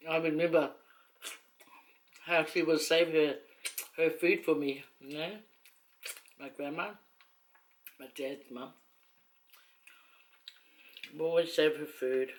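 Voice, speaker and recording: A woman's voice: sits low, steady tone, slow, pauses often. A middle-aged woman with a Samoan accent, telling stories casually to the camera in a rambling, teasing way, laughing often. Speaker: mukbang vlogger. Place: indoors at home, seated on a long chair.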